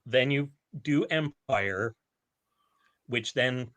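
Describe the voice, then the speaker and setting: A man's voice: mid-range voice, lively intonation, measured pace, fairly bright tone, no room sound. A man co-hosting a podcast, chatting casually and animatedly about films and shows, with many restarts. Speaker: podcast co-host. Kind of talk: casual chat.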